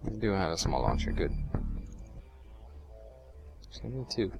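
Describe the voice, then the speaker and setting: A man's voice: sing-song, a little slow, vocal fry, over music. A man commentating as he plays a strategy game, sarcastic and talking to himself. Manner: sarcastic, talks to himself, wild swings in pitch. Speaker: let's play host. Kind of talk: casual gameplay commentary.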